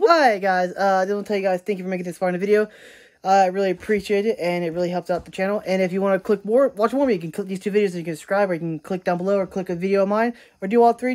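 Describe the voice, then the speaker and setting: A woman's voice: mid-range voice, fairly even intonation, rapid-fire, darkish tone. A woman vlogging casually at home, chatting in a rambling way and talking to her cats, recorded on a handheld camera. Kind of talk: casual vlog chat.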